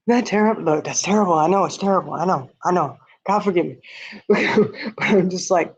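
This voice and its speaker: A man's voice: on the high side, fairly even intonation, a little fast. A man hosting a casual livestream, reading viewer comments and talking bluntly and candidly, often laughing at his own remarks. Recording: dull lo-fi stream audio.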